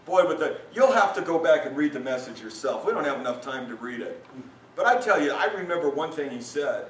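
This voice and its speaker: Animated high-voiced man preaching in a hall. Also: a little fast. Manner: animated, voice rises high when acting out listeners. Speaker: pastor. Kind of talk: sermon. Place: conference hall at a retreat. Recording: roomy hall sound, mic from a distance.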